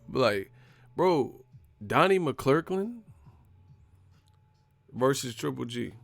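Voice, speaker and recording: Male stream host, unhurried, gravelly, cussing, casual rant. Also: mid-range voice, sing-song, no room sound, clean studio sound, soft background music. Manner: profane, slangy ranting with laughs. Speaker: boxing live stream host. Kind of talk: casual live stream commentary.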